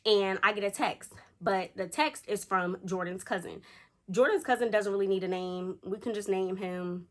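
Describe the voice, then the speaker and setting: A young woman vlogs a storytime from home, animatedly chatting and performing the quotes of the people involved. Her mid-range voice moves at a moderate pace.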